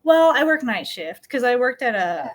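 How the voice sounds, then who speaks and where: A woman's voice: on the high side, very animated, moderate pace. A middle-aged American woman from New Mexico, telling her story as a podcast guest in a casual, upbeat way, laughing often. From New Mexico, USA. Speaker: podcast guest, dirt bike rider.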